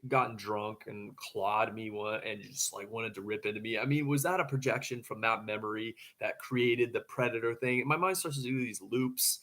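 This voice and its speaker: A man's voice: on the low side, a bit bright. Rambling man telling a story. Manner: rambling, stammering restarts. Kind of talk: casual storytelling monologue.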